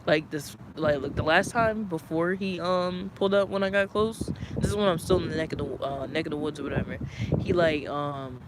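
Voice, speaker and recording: A man recounts a story to his livestream in a loose, rambling manner, piling up filler words and profanity. His voice sits a little high for a man. He is outdoors, and loud wind buffets the microphone. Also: normal speed. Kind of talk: casual storytelling. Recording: loud wind noise on the mic.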